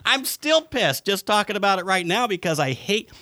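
A man hosting a podcast, telling stories in a lively way and swearing freely. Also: high voice, normal speed, no room sound, clean studio sound. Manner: animated storytelling, swearing freely. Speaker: podcast host. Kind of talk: casual podcast chat.

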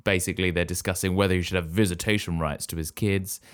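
A man's voice: deep voice, steady tone, fast, clear, resonant tone. A man co-hosting a casual podcast, chatting and riffing on film references as he reacts. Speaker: podcast co-host. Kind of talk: casual chat.

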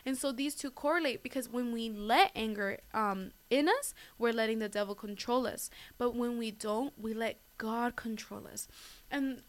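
A woman's voice: a little high, normal speed. A young woman giving a casual devotional talk as host, chatty and full of fillers, often calling her listeners "guys". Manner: chatty, lots of fillers and "like", laughs at herself.

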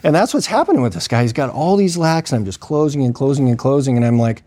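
A man's voice: on the high side, big pitch swings, a little fast, dark tone. A man telling a story from his work in emergency medicine in a casual, conversational way, acting out what people said and using plenty of fillers. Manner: conversational, acts out quoted dialogue, frequent fillers.

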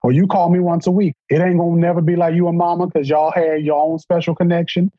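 A man in casual chat, telling family stories in an earnest, reflective way, with a husky voice. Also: a little high, flat delivery, fast, dry recording. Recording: dull, dry recording.

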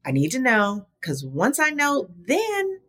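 A middle-aged woman, a podcast guest, telling her story candidly in an animated, conversational way. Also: a little high, slow, breathy edge. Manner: animated, talks to the host as "girl". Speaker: podcast guest, small business advocate.

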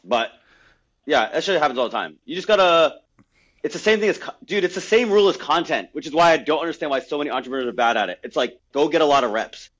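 Casting: brash male podcast host, quick delivery, slangy and blunt, slightly dull lo-fi audio. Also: on the high side, lively intonation, a bit bright. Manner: blunt, slangy, says dude and bro. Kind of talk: casual podcast talk.

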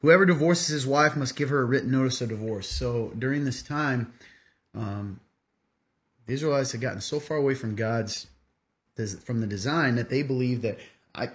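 A man's voice: mid-range voice, moderate pace. A man hosting a casual faith podcast, plainly and steadily answering questions about the Bible. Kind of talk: casual teaching talk.

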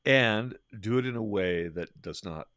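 A middle-aged man with a fairly low voice tells a workplace story in a loose, conversational way. He often restarts his sentences and acts out the lines of people he quotes. The recording is dry and close. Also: a little slow, a bit bright, clean tone, no echo. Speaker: podcast host, leadership trainer.

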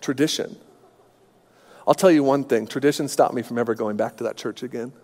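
A man's voice: mid-range voice, fairly quick, darkish tone, long reverb tail. A man in his thirties preaching a sermon, telling personal stories with humor and self-deprecation. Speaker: pastor.

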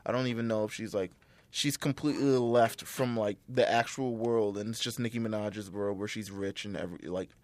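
A man's voice: fairly low pitch, steady tone, brisk, darkish tone, dry recording. Guy rambling his opinions on a podcast, cussing a lot, lots of ums, dry mic. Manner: opinionated, rambling, profane, many fillers. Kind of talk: casual chat.

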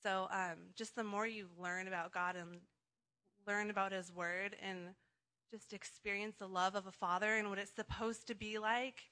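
A woman's voice: mid-range voice, fairly even intonation, normal speed, pushed and bright. A young woman sharing an earnest, rambling church testimony with fillers. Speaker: congregation member sharing testimony. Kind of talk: personal testimony at church gathering.

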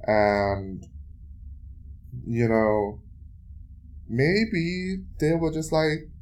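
A man's voice: on the high side, big pitch swings, drawn-out words, pauses often, a little mellow. A man hosting his own podcast, telling a story in a casual solo monologue, swearing often and venting with exasperation between many fillers. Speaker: podcast host.

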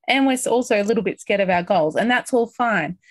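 A woman coaching a group on a call, upbeat and encouraging, talking through feelings and sometimes acting out excitement. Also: medium pitch, fast, no room sound. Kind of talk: motivational coaching talk.

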